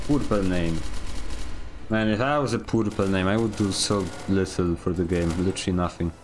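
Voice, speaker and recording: A man's voice: sits low, unhurried, pauses often, soft background music. A man streaming a video game, chatting casually with playful, mock-dramatic complaints and outbursts. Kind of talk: casual gaming commentary.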